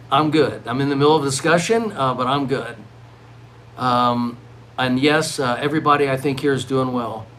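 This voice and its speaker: A middle-aged man vlogging live in a rambling monologue, swinging from loud, excited outbursts to low mutters. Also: measured pace, long pauses, slight background noise, low-quality recording. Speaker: livestreaming vlogger.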